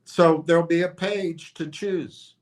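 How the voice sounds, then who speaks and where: Slow, rambling man thinking aloud. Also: a little high, steady tone. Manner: rambling, hesitant, thinking aloud with many restarts. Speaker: stock commentator. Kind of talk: casual speculative monologue.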